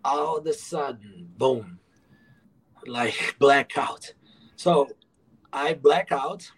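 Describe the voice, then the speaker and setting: A man's voice: medium pitch, extremely slow, breathy edge, low-quality recording. A man who moved to the USA, telling his story as a podcast guest, frank and profane and acting out past dialogue. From moved to the USA from abroad. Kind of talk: candid interview storytelling.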